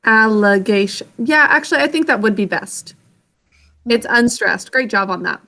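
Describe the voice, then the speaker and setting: A young woman teacher leading an online spelling lesson over a video call, clear and encouraging. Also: fairly high pitch, normal speed, bright, forceful tone.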